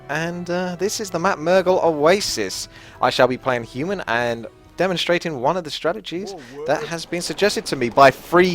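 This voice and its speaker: A chatty man commentates his own strategy game in a slightly high voice. He talks casually and pokes fun at himself. Faint game music plays in the background. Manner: chatty and self-deprecating, laughs at himself. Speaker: gaming commentator.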